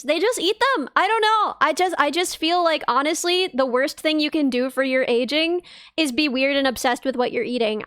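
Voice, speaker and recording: A woman streamer chatting casually on a live stream, animated and playful, jumping up in pitch when she mocks people. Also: dry recording, clean studio sound. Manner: animated, bouncy pitch, mocking voices.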